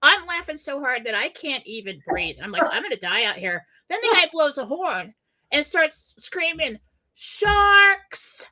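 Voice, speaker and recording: A woman's voice: high voice, big pitch swings, moderate pace, pushed and bright. A woman co-hosting a casual talk show, telling stories animatedly and laughing as she goes. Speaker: co-host. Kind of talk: casual chat, storytelling.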